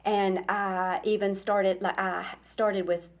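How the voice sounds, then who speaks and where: A woman's voice: mid-range voice, little pitch movement. A woman, a school principal, talks with a podcast host in a casual interview, often stumbling and repeating her words as she begins. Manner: halting, repeats words when starting sentences.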